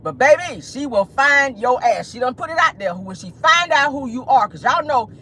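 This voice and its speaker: Woman gossip host, AAVE, sassy and profane, lively swooping pitch. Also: normal speed, a little hiss or hum, low-quality recording. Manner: sassy, profane, laughing often, acts out quotes. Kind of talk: casual commentary to viewers.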